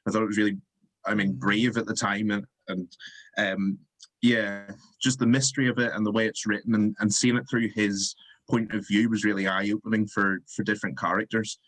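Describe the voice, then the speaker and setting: A man with a fairly low voice talks as a guest author on a book chat. He hesitates often, filling gaps with ums and likes. The recording is dry and close. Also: level tone, fairly quick, fairly bright tone, no echo, poor audio. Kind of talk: casual chat.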